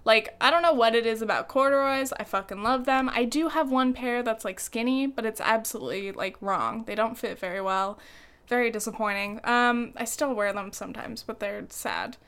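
Young woman, casual vlog chat, filler-heavy, swears, smooth voice, slightly high. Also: moderate pace, fairly bright tone. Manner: chatty, lots of "like" fillers, swears freely. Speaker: vlogger.

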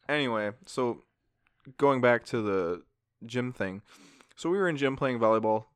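A man in his twenties on a casual podcast, telling animated stories with plenty of casual swearing. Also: medium pitch, unhurried, clear, resonant tone, no echo, clean studio sound. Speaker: podcast co-host.

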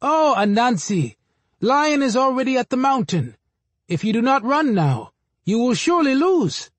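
A man voicing an excitable male monkey who talks slowly and exclaims in a high voice. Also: dry recording, full character voice. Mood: urging.

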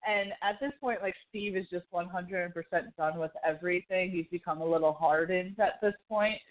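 A woman's voice: on the low side, normal speed. A woman co-hosting a podcast in casual chat, telling stories in a rambling way full of fillers. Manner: rambling, filler-heavy storytelling. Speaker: podcast co-host. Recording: tinny phone-like line.

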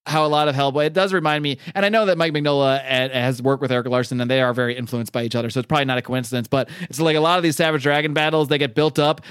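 Animated, profane man reviewing comics. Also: medium pitch, very fast, hardly any pauses, clear, resonant tone, no echo, clean studio sound. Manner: animated, profane, laughs often. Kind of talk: casual enthusiastic talk.

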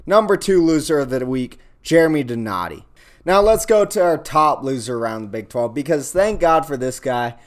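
Fired-up man ranting about sports. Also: a little high. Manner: ranting, emphatic, repeats phrases for punch. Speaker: sports talk host. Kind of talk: opinionated sports commentary.

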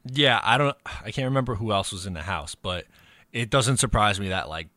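A man's voice: fairly low pitch, lively intonation, brisk, bright, forceful tone, no room sound. A man co-hosting a sports podcast, easygoing and agreeable, full of fillers. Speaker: podcast co-host. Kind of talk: casual sports chat.

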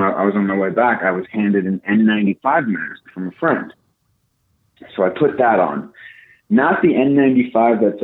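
A young man telling a casual story, animated and profane, acting out what people said. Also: lowish voice. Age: young adult. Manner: animated, profane, acts out quotes. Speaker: podcast co-host. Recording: tinny phone-like line.

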